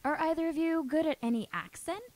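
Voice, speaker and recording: A woman's voice: sits high, a little fast, a little mellow, no echo. A woman on a podcast reading out listener questions and playfully teasing the hosts. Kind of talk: casual podcast chat.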